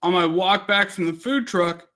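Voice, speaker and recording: A drunk man hosting a podcast, telling a story in a profane rant with loud outbursts. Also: high-pitched, normal speed. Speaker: podcast host. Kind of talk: casual drunk chat.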